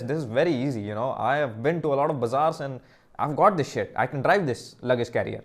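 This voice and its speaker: A young man doing crude stand-up comedy alone in his room into a camera. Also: fairly high pitch. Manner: crude, deadpan-to-excited comic delivery. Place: own room. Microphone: camera mic.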